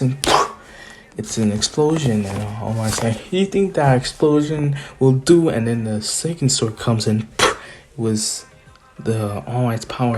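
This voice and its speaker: A man's voice: mid-range voice, slight background noise. A man casually retelling a fan story, often laughing to himself and correcting himself. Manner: laughing often, restarts, slow drawl.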